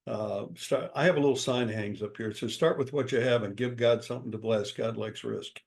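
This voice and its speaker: An older man, a guest author and speaker from the United States, giving advice in a lively interview, acting out quotes with sudden jumps in his voice. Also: a little fast, creaky. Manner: animated, acts out quotes with sudden pitch jumps.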